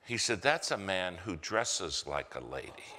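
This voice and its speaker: An American man with a low-pitched voice preaches a sermon in a church sanctuary, unhurried but with big pitch swings. He tells a story and acts out its characters' voices, recorded with church hall reverb and background noise.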